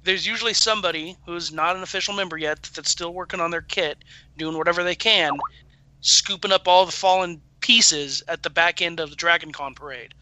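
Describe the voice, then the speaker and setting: Panel guy, high bright voice, earnest and stumbling, dry sound. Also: fairly even intonation, brisk, dry recording, low-quality recording. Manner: earnest, stumbling over repeated words. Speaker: podcast panelist. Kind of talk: casual podcast chat.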